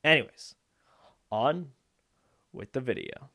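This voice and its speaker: A man at an ordinary mid pitch talks casually to his viewers, rambling from one thought to the next. His delivery is playful and chatty, like a reactor opening his video. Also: expressive, slow, vocal fry, pushed and bright. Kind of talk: casual chat to camera.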